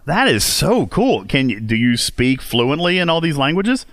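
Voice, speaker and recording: A man's voice: fairly high pitch, big pitch swings, moderate pace, a bit bright, no room sound. A man hosting a casual podcast for a video game, joking and teasing, laughing often. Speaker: podcast host.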